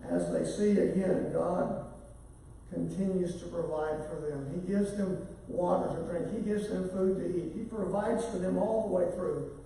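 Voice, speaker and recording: A man's voice: high-pitched, a little slow, creaky, dark tone, very echoey, recorded from a distance, a little hiss or hum, rough recording. A man teaching a Bible lesson in a conversational way, summarizing chapters and reading verses aloud. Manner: conversational, reads scripture aloud.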